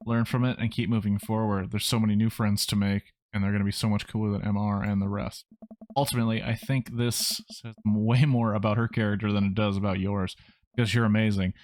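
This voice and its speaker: A man's voice: fairly low pitch, dry recording, clean studio sound, natural voice. A man reading the lines of a kind, corny single dad giving his daughter advice in a game. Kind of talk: reading game dialogue aloud.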